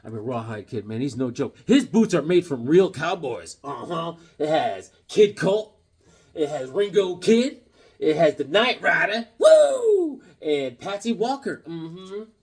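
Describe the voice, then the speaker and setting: A man showing off his comic book collection in a casual, jokey vlog, with sudden loud exclamations. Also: a little high, animated, measured pace, breathy edge. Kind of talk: casual show-and-tell vlog.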